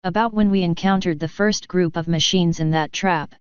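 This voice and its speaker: A woman's voice: on the low side, fairly even intonation, moderate pace, clear, resonant tone, dry recording, muffled recording, natural voice. A woman voicing a smug, teasing female water elemental.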